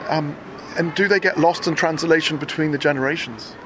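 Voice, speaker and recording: A man's voice: on the high side, a little fast, background noise. A man reporting for a radio show, chatting in a rambling, hesitant, self-mocking way and interviewing people on the street.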